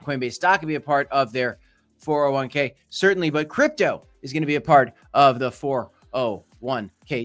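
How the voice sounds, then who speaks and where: A man's voice: medium pitch, moderate pace, fairly bright tone, soft background music. A man hosting a crypto livestream, rambling and joking with frequent restarts. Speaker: crypto channel host. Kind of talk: livestream commentary.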